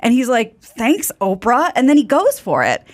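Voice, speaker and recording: A woman co-hosting a casual comedy chat, telling stories playfully with quick interjections. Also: on the high side, wildly swooping pitch.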